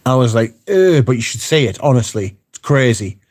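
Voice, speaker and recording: This male livestreamer talks casually with viewers at a fairly quick clip, his stories rambling and peppered with swears and fillers. His voice sits in the mid range.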